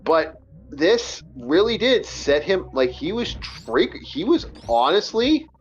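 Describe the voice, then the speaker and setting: A man's voice: sits high, big pitch swings, takes it slowly, muffled recording, faint music behind. A man hosting a casual podcast, telling a story in a rambling way with many restarts. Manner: rambling, repeats words. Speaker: podcast host.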